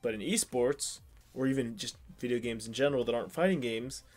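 In a slightly mellow, medium-pitched voice, a young Pittsburgh-area co-host speaks fairly quickly, faint music behind him. He keeps up casual podcast chat that rambles, stumbles over ums and restarts often.

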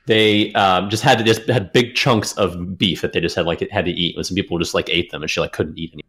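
Guy hosting a podcast, lowish voice, laid back, reads bits out loud and swears a bit. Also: a little fast, breathy edge. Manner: relaxed, reads passages aloud, swears casually. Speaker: podcast host. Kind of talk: casual chat, retelling a story.

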